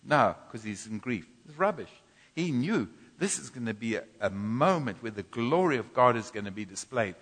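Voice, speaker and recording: Man, preacher, sermon, animated, echoing church hall, mid-range voice. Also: medium pitch, moderate pace. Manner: animated, bursts into loud groans and cries. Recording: long church reverb.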